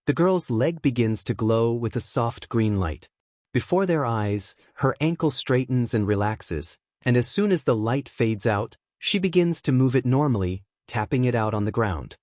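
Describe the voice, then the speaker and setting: A man narrating a fan-written story in a steady, even storytelling manner. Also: medium pitch, normal speed, no echo, clean studio sound. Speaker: fanfic narrator.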